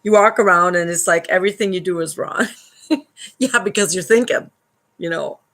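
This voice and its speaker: A woman's voice: lowish voice, moderate pace, a bit bright, rough recording. A woman hosting a live stream at home, reading a book aloud and adding wry commentary, laughing often between passages.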